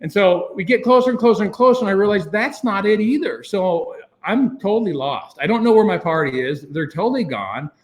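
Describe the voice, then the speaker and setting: High-voiced man telling a lively story. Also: fairly quick, few pauses. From United States. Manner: animated, acts out his own past thoughts with sudden jumps in pitch; rambling, with many fillers and restarts. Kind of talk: casual storytelling.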